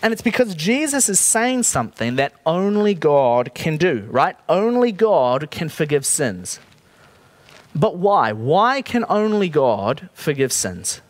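A man delivering a sermon in a relaxed, conversational way, stopping often to put questions to his listeners. His voice sits a little high and swings widely in pitch. The sound is dry and close. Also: takes it slowly, dry recording. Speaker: preacher. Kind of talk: sermon with a Bible reading.

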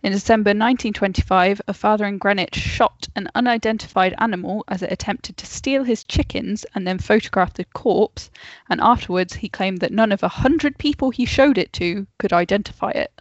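A woman co-hosting a podcast over a video call, reading facts aloud in a casual, unhurried way and laughing off interruptions. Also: mid-range voice, no echo. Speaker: podcast co-host telling the story. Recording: dull lo-fi call audio.

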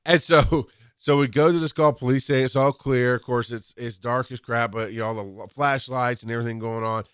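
Guy rambling through old paramedic stories, gets animated, smooth clear voice. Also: brisk, no room sound. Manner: animated, acts out quotes with rising pitch and laughs. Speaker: former paramedic telling work stories. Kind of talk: casual storytelling monologue.

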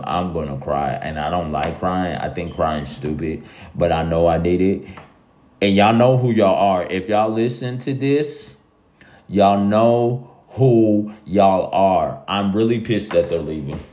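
A man's voice: low-pitched, darkish tone. A young man talking casually to his listeners, rambling and emphatic, repeating himself in slangy speech. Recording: echoey room.

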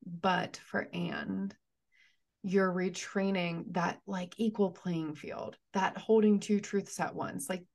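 A woman speaking as a therapist guest in a podcast interview, thoughtful and measured, often restarting her sentences. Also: medium pitch, vocal fry, darkish tone.

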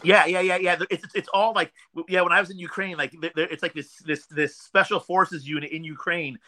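A man co-hosting a podcast, chatting casually about politics with lots of restarts and halting phrasing. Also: a little high, steady tone, pushed and bright. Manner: halting, many restarts and fillers. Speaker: podcast co-host.

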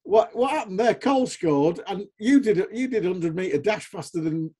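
A man's voice: high-pitched, expressive, moderate pace, warm tone, husky. A man interviewing a footballer, asking friendly, teasing questions. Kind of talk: casual interview.

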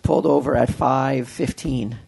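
A man's voice: mid-range voice, fairly even intonation, measured pace, vocal fry, a little mellow, slightly rough. A man telling a long story in casual chat, with many fillers and restarts. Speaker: podcast co-host telling a story.

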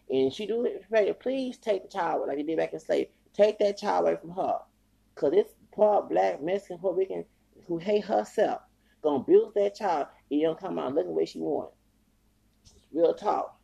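Gravelly, husky man ranting heatedly. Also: high voice, expressive, normal speed, mellow, dull audio. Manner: heated, profane ranting with repetition. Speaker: podcast host. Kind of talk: angry podcast rant.

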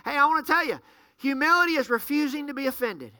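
A man's voice: very high voice, expressive, quick pace, sharp tone, no echo, studio quality. A man preaching a sermon, fervent and full of rhetorical questions to the congregation.

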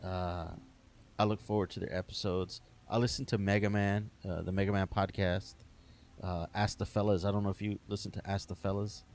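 A man's voice: low-pitched, little pitch movement, brisk, darkish tone. A middle-aged man hosting a podcast interview, easygoing and hesitant with many ums. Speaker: podcast host. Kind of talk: casual interview.

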